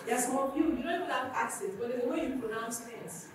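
Woman pastor, emphatic call-and-response sermon; high voice, distant mic, very echoey church. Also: fast, a little hiss or hum. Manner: rising to emphatic preaching with repeated questions to the congregation. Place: church hall. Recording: echoey church hall from far off.

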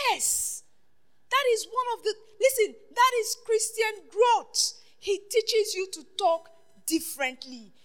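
A woman preaching a sermon, questioning her congregation and swinging between loud declarations and hushed asides. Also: extremely high pitch. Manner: call-and-response questioning the congregation.

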